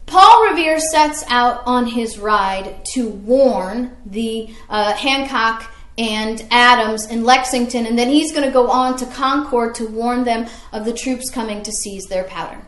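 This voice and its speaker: A woman's voice: fairly high pitch, reverberant. A woman teaching history as a story, asking her listeners questions along the way. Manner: storytelling, asks the audience questions.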